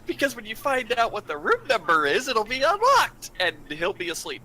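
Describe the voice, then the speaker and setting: A man playing a tabletop game, chatting in an animated, joking way. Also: extremely high pitch, normal speed. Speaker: player. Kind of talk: casual tabletop play.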